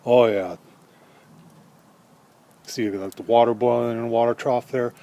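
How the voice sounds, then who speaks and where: A man's voice: mid-range voice, fairly even intonation, moderate pace, warm tone. A middle-aged man hosting his own cooking videos, talking in a folksy, chatty way and calling his viewers folks. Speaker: cooking channel host. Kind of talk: casual cooking demo to camera.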